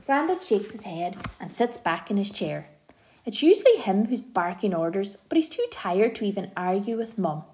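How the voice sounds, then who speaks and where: A woman narrating an audiobook in a gentle, expressive storytelling manner. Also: mid-range voice, normal speed.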